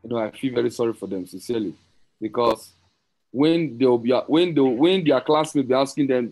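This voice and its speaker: A man giving an excited, rambling sales pitch on an online call, repeating and correcting himself as he goes. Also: a little fast, low-quality recording. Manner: rambling, repetitive, self-correcting, teasing. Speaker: crypto promoter hosting a group call.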